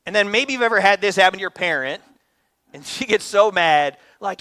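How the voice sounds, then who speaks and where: A man in his thirties preaching in a chatty, animated way, slipping into the voices of the people he quotes. His tone is bright and ringing, sitting a little high. The sound is close and dry. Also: fairly quick, no room sound. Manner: conversational, animated, acts out quotes. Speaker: pastor. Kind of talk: sermon.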